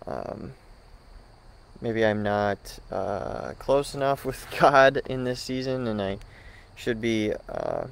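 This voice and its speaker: A man's voice: lowish voice, huge pitch swings, slow pace, gravelly, smooth, poor audio. Hesitant man giving a morning devotional. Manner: hesitant, many ums and restarts, then reads scripture. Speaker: church devotional teacher.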